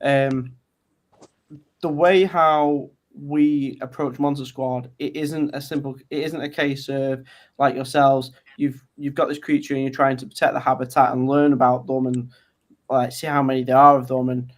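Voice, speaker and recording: Relaxed British man, podcast guest. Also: medium pitch, moderate pace. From Britain. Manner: relaxed, hesitant with many "um"s. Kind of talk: casual podcast chat.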